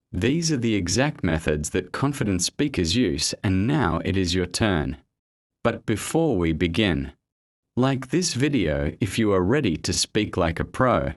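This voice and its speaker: A man narrates a scripted motivational lesson with a lower voice that rises and falls with lively intonation. His delivery is measured and emphatic, each point landing with deliberate weight.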